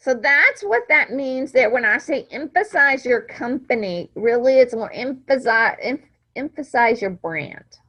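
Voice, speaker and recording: A woman's voice: high-pitched, lively intonation, measured pace, fairly bright tone, low-quality recording. A woman teacher giving a classroom lecture, talking conversationally and checking understanding with frequent "right?".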